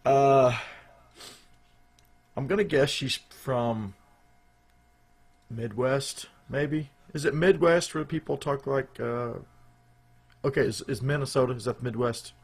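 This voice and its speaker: A man's voice: medium pitch, slow, long pauses, breathy edge. A man co-hosting a live show, chatting casually in a rambling, jokey way with loose restarts. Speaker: podcast co-host.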